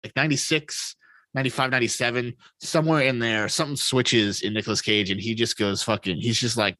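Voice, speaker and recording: A man co-hosting a casual podcast, his voice bright and forceful. He talks excitably and swears freely, and the dry, close sound has no room echo. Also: mid-range voice, quick pace. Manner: profane, excitable, laughs often. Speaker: podcast co-host. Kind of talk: casual movie chat.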